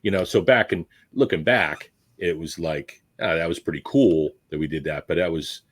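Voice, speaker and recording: A man's voice: sits low, moderate pace. A man hosting a casual chat, talking bluntly and swearing freely. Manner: blunt, profane, conversational. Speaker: host.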